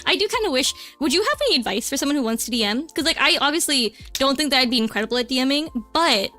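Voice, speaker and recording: A woman hosting a casual podcast chat, asking questions with a curious, giggly manner. Her voice is high and bright. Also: lively intonation, fast talker, soft background music. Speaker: podcast host.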